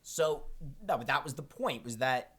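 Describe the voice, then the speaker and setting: A man co-hosting a casual sports podcast, talking at a middling pitch. He jokes and ribs his partner as he walks through the week's games in a loose, chatty way. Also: lively intonation, normal speed, fairly bright tone. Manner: teasing, joking, chatty. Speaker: podcast co-host.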